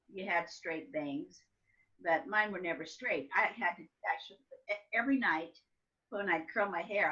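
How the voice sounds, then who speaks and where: In a casual, chatty interview, an older woman with a lowish voice recounts childhood family stories, animatedly acting out her younger self and her mother. The recording is somewhat dull and muffled, with the microphone sounding soft and distant at moments.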